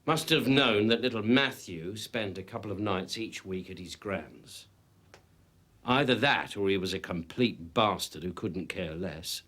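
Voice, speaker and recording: An actor playing a patient male detective who questions a witness hesitantly and softly in a TV police drama. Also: lowish voice, a little slow. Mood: cautious. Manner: hesitant, soft-spoken questioning.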